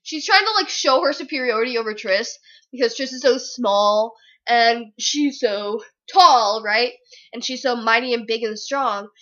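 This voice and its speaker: A young woman giving an excited, gushing book review in a casual, dramatic way. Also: fairly high pitch, a little slow, dull audio. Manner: gushing, dramatic, very animated retelling.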